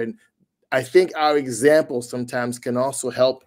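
A man at a middle pitch talks about mission work in a lively conversation. He is energetic and emphatic, repeating phrases to drive each point home. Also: normal speed. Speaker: missionary leader. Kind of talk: conversational ministry talk.

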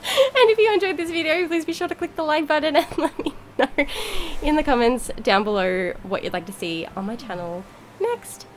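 A woman giving casual gameplay commentary as a YouTuber, gushing, giggly and excitable, with mild swearing. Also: sits high, moderate pace, a little hiss or hum. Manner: bubbly, giggly. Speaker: gaming YouTuber.

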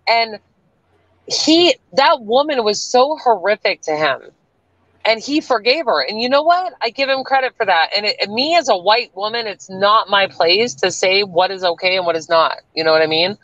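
A woman's voice: mid-range voice, animated, normal speed, fairly bright tone, no room sound, muffled recording. A woman from the US South with a Canadian-tinged accent, talking bluntly and with plenty of swearing as a guest on a livestream. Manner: blunt, profane, defiant. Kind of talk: livestream chat.

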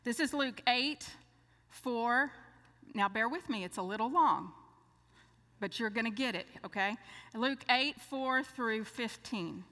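An older woman preaching a sermon, telling a lively story and acting out the dialogue. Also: on the high side, takes it slowly. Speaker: speaker. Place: church. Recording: long church hall reverb.

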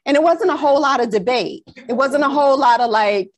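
A Long Island woman with a New York accent co-hosts a podcast and shares a personal faith story in casual conversation. Her voice is high and fairly quick, and she gets animated, slipping into a New York drawl.

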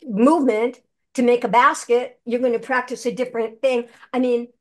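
A woman's voice: a little high, normal speed. An older woman, a seasoned actress and voice performer, telling stories animatedly in an interview. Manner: animated, chatty storyteller who acts out quotes. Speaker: guest, actress and voice actor. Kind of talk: conversational interview.

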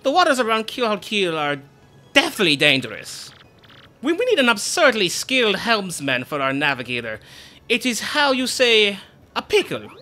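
A man's voice: high voice, very animated, normal speed, pushed and bright, voice pushed up, full character voice. A man voicing a pompous, boastful rich male sailor-merchant in a video game, grandiose and theatrical. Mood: bossy. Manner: grandiose, theatrical, self-admiring. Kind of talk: reading game dialogue aloud.

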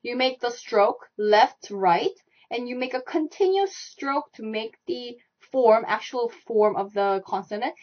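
A young woman leads a live online language lesson, talking through each stroke and repeating sounds again and again. Her voice sits slightly high. The stream audio is dull and lo-fi. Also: lively intonation, unhurried. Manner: repetitive, demonstrating sounds and strokes aloud. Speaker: Korean language teacher.

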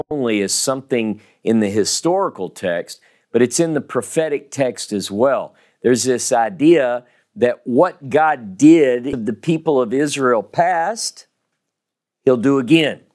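A man with a Southern US accent teaching the Bible, slow and emphatic, repeating key words to stress them. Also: mid-range voice, a little mellow. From American South.

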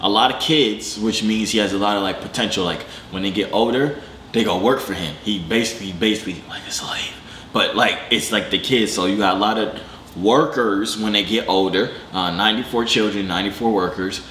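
A young man hosting a reaction video, joking in slangy casual commentary with sudden excited jumps in pitch. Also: brisk, roomy sound, a little hiss or hum.

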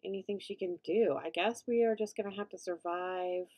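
A young woman giving chatty gameplay commentary as a let's play host, reacting loudly and laughing often. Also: mid-range voice, brisk.

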